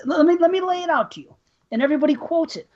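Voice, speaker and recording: A woman's voice: very high-pitched, animated, very fast, darkish tone. A woman co-hosting a podcast in casual chat, ranting in profane exasperation. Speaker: podcast co-host. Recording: dull lo-fi podcast audio.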